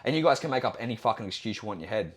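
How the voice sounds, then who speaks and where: A man's voice: fairly low pitch, expressive, very fast. A young Australian man hosting a solo podcast as a fitness trainer, talking bluntly and assertively with plenty of swearing.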